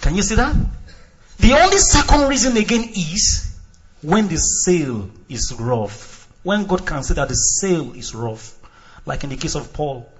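Animated high-voiced preacher man. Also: lo-fi sound, slight background noise. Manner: animated, acts out dialogue, shouts and drops to quiet asides. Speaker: pastor. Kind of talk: sermon.

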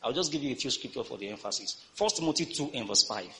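Animated preaching pastor, man. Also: medium pitch, fast, slight background noise. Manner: lively preaching with call-and-response. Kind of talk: sermon. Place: church.

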